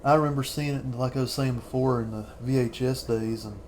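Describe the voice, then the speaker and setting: A man's voice: medium pitch, fairly even intonation, fairly quick, darkish tone, slight background noise. A man in his thirties rambling through a casual film commentary as a channel host, chuckling often between remarks.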